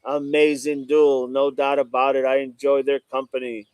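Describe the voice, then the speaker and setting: A man's voice: mid-range voice, completely flat delivery, normal speed, darkish tone, clear, resonant tone, no echo. A man hosting a casual live stream, reading out viewer comments and greeting chatters by name, often saying "no doubt about it.". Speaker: livestream host reading chat. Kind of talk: casual livestream chat.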